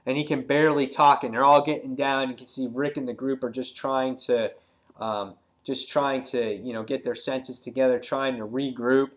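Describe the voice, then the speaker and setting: Rambling man excitedly retelling a comic. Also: medium pitch, normal speed. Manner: retells scenes excitedly, acting out quoted lines; loose and rambling, many fillers. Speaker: comic book reviewer. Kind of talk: casual spoken review.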